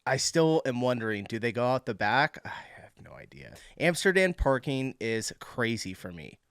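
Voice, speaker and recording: A man hosting a reaction video, chatting casually in an amused tone with quick asides. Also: mid-range voice, sing-song, fairly bright tone, smooth, no echo, clean studio sound.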